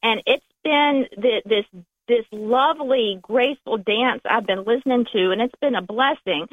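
A woman with a Southern US accent calling in to a radio show, talking in a warm, gushing way and restarting her phrases. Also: on the high side, moderate pace, no room sound. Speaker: caller. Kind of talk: call-in phone conversation. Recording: tinny phone line.

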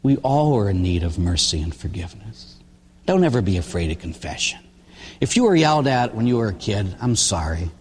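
Older priest preaching in a reverberant church. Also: male voice, fairly low pitch, very animated, fairly quick, breathy edge. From Pittsburgh area. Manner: folksy storytelling, frequent "huh?" asides. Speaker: Catholic priest. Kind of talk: sermon. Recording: long hall reverb.

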